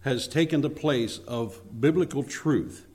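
A male pastor delivers a sermon in an earnest, measured voice. His pitch sits in an ordinary middle range for a man. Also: darkish tone.

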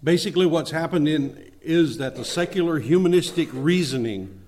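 A male pastor preaching a sermon in an earnest, measured way. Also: fairly high pitch, darkish tone.

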